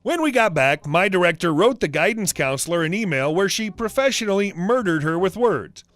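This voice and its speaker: A man narrating reddit stories aloud, with lively storytelling and acted quotes. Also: high-pitched, a little fast, dry recording.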